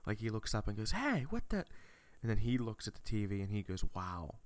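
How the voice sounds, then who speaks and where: A man's voice: lowish voice, level tone, fast, darkish tone, clear, resonant tone, no room sound. A young man hosting a podcast, telling a nostalgic story in an enthusiastic, rambling way. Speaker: podcast host. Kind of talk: casual storytelling chat.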